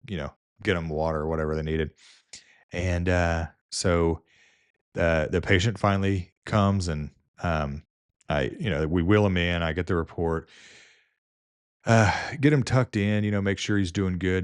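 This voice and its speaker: A man's voice: deep voice, clear, resonant tone, no room sound, clean studio sound. A man who works as a nurse tells shift stories in a casual, rambling way, with many fillers and restarts. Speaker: nurse and video host. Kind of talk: casual storytelling.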